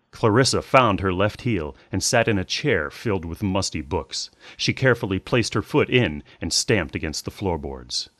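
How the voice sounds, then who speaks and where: A man reads a dark tale in a measured, descriptive way. His voice sits very low, and the recording is dry and close with no room sound. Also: animated, no echo. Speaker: narrator. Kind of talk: scripted storytelling narration.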